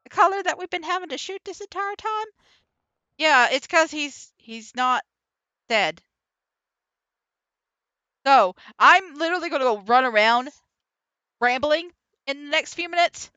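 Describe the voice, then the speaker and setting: A woman streamer rambling through casual gameplay commentary in an excitable, laughing way, voiceover added after the stream. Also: high-pitched, measured pace, pauses often, no echo, muffled recording. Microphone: voiceover recorded after the stream.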